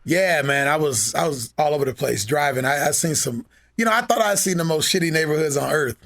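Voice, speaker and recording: A man's voice: a little high, brisk, a bit bright. A man from Seattle, a guest on a podcast, telling blunt and profane stories in casual chat. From Seattle, USA. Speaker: guest musician.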